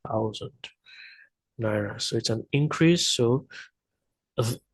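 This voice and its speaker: A man's voice: mid-range voice, slow, husky, no room sound, poor audio. A man tutoring math, working through problems step by step while thinking aloud, with frequent hesitations and self-corrections.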